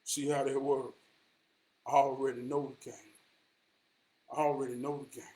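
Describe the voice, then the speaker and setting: A man giving motivational straight talk in slang, emphatic and preachy, repeating lines and swinging from shouts to hushed tones. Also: mid-range voice, level tone, normal speed. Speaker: motivational vlogger.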